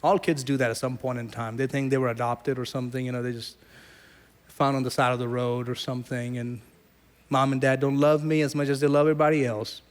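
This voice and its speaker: A middle-aged man from South Asia preaching a sermon as pastor, telling stories with lively, acted-out quotes. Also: medium pitch, fairly quick. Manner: animated storyteller, acts out quoted voices.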